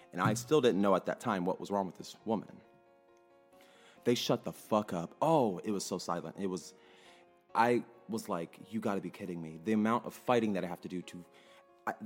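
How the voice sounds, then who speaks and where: A man telling a story in a casual, emphatic monologue, now and then cursing. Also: on the low side. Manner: animated, emphatic, swears freely. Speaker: clinic worker telling a story.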